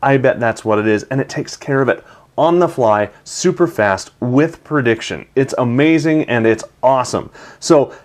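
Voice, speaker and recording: A man's voice: mid-range voice, expressive, moderate pace. A man hosting a tech video, narrating a product demo in an enthusiastic, chatty way.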